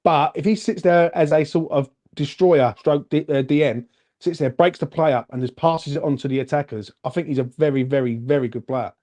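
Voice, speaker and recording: A man co-hosting a casual football fan chat, animated and chatty, calling everyone "mate". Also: fairly high pitch, brisk. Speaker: fan channel co-host.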